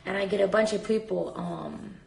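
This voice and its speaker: Gravelly woman rambling on a live stream. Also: medium pitch, moderate pace, a little mellow. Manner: rambling, full of "like" fillers; talks while packing a bag. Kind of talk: casual live-stream chat. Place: hotel room. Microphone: phone.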